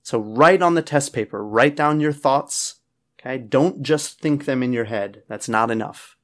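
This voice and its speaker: A man lectures on exam preparation from his office at a medium pitch, talking casually and directly to the viewer. He keeps checking in with a quick "okay?" or "all right?" after his points. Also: a bit bright. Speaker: IELTS teacher and test writer. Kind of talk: casual classroom lecture to camera.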